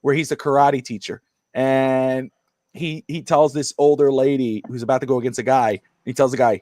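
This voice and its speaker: A man co-hosting a laid-back sports talk show who rambles through stories with energy. His voice sits at an ordinary male pitch. The sound is dry and close, with no room echo. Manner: animated storyteller, quick and rambling. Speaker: podcast co-host. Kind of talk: casual sports chat.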